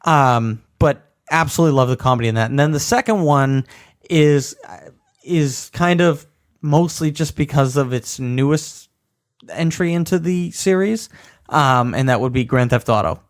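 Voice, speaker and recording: Lively higher-voiced man chatting about games. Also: normal speed. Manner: animated, retells game scenes with put-on voices and laughs. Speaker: podcast co-host. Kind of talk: casual chat about video games.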